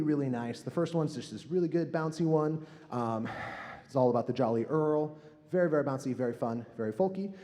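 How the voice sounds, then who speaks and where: A man conducting a high school honor band, chatting casually between pieces, a little out of breath and self-deprecating, with many fillers. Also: dark tone. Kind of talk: casual onstage concert introduction. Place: large concert hall on stage. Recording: long hall reverb.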